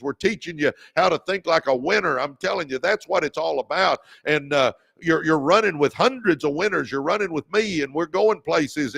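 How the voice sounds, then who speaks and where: A man's voice: fairly high pitch, creaky, fairly bright tone, no echo, clean studio sound. A middle-aged man hosting a motivational livestream, fired up, repeating key lines and thanking viewers by name. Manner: calls viewers "baby". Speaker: podcast host.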